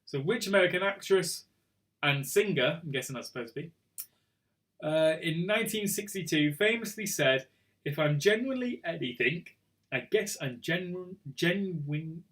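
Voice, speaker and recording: Brief: male quiz host, slightly high voice, chatty and self-mocking, stumbles over words. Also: lively intonation, normal speed, a bit bright. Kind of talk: casual live quiz hosting.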